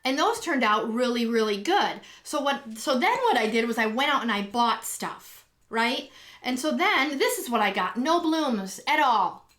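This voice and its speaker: Chatty, higher-voiced woman live streaming. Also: moderate pace. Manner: chatty and rambling, many ums and restarts; excitable and gushing when greeting viewers. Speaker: live stream host and acrylic pour artist. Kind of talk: casual live-stream chat. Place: home, indoors.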